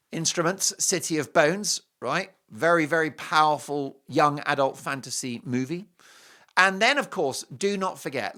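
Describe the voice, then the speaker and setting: A man's voice: mid-range voice, fairly bright tone. A man hosting a TV show, giving an opinionated, mocking monologue with heavy sarcasm and emphatic swings. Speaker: TV show host.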